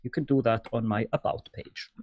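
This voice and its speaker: A woman's voice: extremely low pitch, fairly even intonation, normal speed, a little mellow. A woman with a Norwegian accent, a native Norwegian speaker, co-hosting a casual podcast chat in formal, precise English. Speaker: co-host teaching words.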